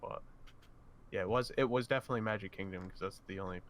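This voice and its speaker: A man's voice: on the low side, fast talker, a little hiss or hum. A young man in a casual podcast chat with friends, rambling and self-deprecating.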